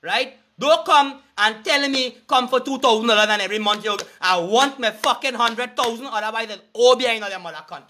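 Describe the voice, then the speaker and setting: A man's voice: very high-pitched, a little fast, few pauses, bright, forceful tone, slight background noise. A man with a Trinidadian accent delivering an angry, profane street rant in heavy Creole dialect, cursing and making threats. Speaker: vlogger.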